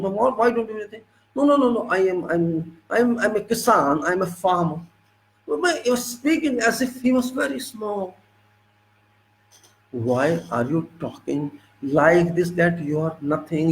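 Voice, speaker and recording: A man's voice: high-pitched, low-quality recording. A man with an Indian English accent gives an impassioned talk, firing rhetorical questions and repeating phrases for emphasis. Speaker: civil engineer giving a talk. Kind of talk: impassioned spoken monologue.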